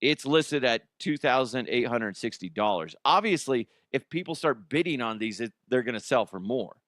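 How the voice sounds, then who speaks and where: A man's voice: medium pitch, lively intonation, normal speed, fairly bright tone, no room sound, studio quality. A man hosting a comedic news podcast, talking in a loose, joking way with swearing and self-mockery. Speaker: podcast host.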